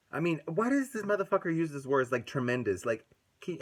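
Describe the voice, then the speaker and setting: A man giving angry, profane commentary in a casual video, ranting and swinging between loud bursts and soft asides. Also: fairly high pitch, very animated, brisk.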